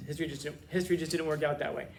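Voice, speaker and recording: A man with a slightly high voice lectures his class in a joking, animated way, full of quick asides and playful teasing. A faint hum of room noise sits behind him. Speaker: teacher.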